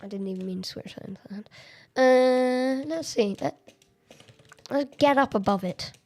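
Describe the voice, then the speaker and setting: An Australian woman streams Minecraft from home with a high, warm voice at a normal pace. She chats casually, giggles a lot and thinks out loud over faint background music.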